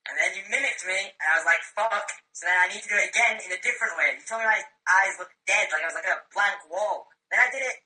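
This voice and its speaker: A man answering his acting teacher in class, candid and quick, swearing casually. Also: high-pitched, sharp tone, low-quality recording. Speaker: acting student.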